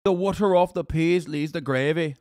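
A man's voice: fairly high pitch, moderate pace, darkish tone, a little hiss or hum. A man streaming casual reaction commentary, incredulous and profane, often laughing as he talks.

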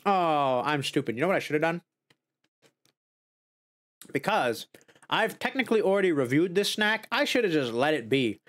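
This casual snack-tasting streamer talks at a moderate pace with long pauses. He turns excitable, hitting high squeals of joy and dismay, and murmurs quietly while savoring.

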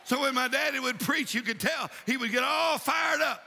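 A man preaching a fiery sermon, shouting and exhorting with repeated rallying calls. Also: extremely high pitch, moderate pace, vocal fry, husky, a faint crowd. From Texas. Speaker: pastor. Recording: reverberant church hall.

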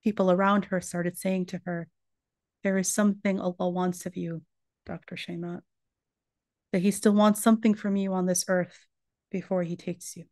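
A woman's voice: fairly low pitch, little pitch movement, normal speed, darkish tone, no echo. A woman giving a religious lecture, earnestly retelling a survivor's story in her own words.

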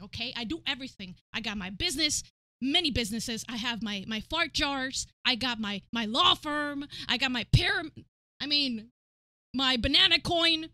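A swaggering, boastful male banana scammer who talks in street slang, as a woman puts him on. The voice is high and very bright, recorded close and dry. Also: no echo.

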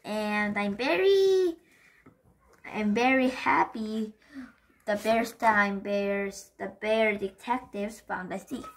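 A woman reading a children's picture book aloud and gently encouraging the young listeners. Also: mid-range voice, slow. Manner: gentle, encouraging, simple words. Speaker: children's story reader.

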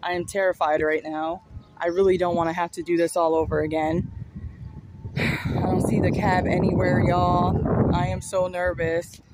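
A woman's voice: on the low side, little pitch movement, a little slow. A woman vlogger talking straight to her viewers, chatty and rambling, recorded outdoors on a phone. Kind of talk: casual vlog talk to camera. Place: outdoors by a street and train station. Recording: outdoor street noise and passing vehicles.

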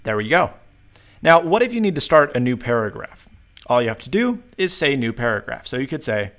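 Upbeat young man hosting a tech tutorial, middle pitch, careful dictation. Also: sing-song, fairly bright tone. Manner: upbeat, spells out dictation commands slowly. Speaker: tech video host.

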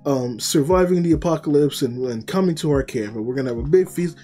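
A greedy, bullying company boss who talks down to his staff with open contempt, as a man puts him on while retelling a scene. The voice stays mellow and low-key rather than sharp. Faint music plays behind him. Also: brisk, natural voice. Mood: fake cheerful.

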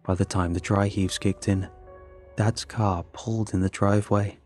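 A man reading a horror story aloud in a measured, scripted narration. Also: lowish voice, fairly even intonation, warm tone, no room sound. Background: faint music.

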